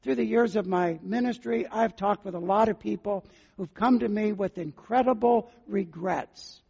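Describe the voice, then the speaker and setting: A man's voice: high-pitched, normal speed, gravelly, darkish tone, breathy edge. An older man preaching a sermon as a pastor, earnestly putting questions to his listeners. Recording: muffled sound with long hall reverb.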